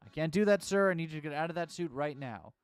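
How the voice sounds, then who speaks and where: A man's voice: a little high, quick pace, smooth, soft background music, natural voice. Anxious shop clerk, man putting him on, formal, pleading, raised voice. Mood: insistent. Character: insistent, panicky male costume shop clerk.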